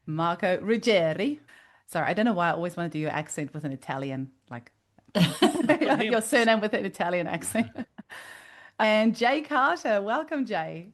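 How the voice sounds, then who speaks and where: A woman's voice: medium pitch, very animated, moderate pace. Bubbly woman hosting a podcast chat. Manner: bubbly and enthusiastic, friendly greetings. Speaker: podcast host. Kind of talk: casual interview chat.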